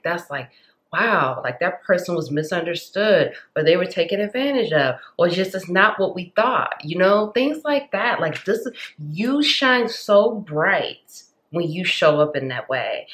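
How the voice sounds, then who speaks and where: A woman's voice: deep voice, fairly bright tone. A woman giving a pick-a-card tarot reading, talking in an earnest, rambling, encouraging way with many "like"s. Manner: earnest, rambling, heavy use of "like"; passionate, encouraging. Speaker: tarot reader.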